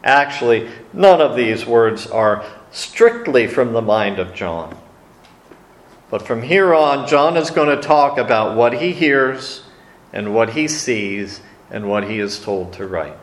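A man's voice: mid-range voice, animated, slow pace. A man teaching a sermon on scripture in a conversational, folksy way. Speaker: preacher. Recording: echoey room.

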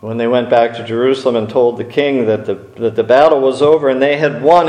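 A man preaching a sermon, speaking slowly with dramatic pauses and acting out quotes from scripture stories. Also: mid-range voice, a little mellow. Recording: echoey room.

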